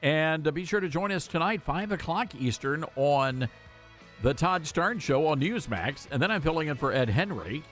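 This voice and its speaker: A man's voice: on the high side, animated, normal speed, a bit bright, faint music behind. A man hosting a talk radio show, speaking in an emphatic, folksy way.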